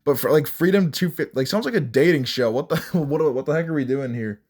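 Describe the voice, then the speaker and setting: His voice sits a little high and a little mellow, animated and slightly fast. The young MMA commentary vlogger mocks fighters bluntly in a rambling, casual rant, frequently restarting his lines.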